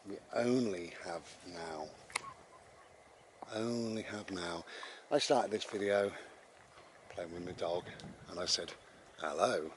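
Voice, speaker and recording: Low-voiced British man musing casually. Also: slow, long pauses, a little hiss or hum. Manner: rambling, conversational, with repeated restarts. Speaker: vlogger. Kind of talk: casual spoken reflection on mindfulness. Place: outdoors while walking his dog.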